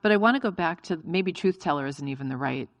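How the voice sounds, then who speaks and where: A woman's voice: low voice, expressive, fast. A woman hosting a live on-stage interview, asking questions in an encouraging way. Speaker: podcast host.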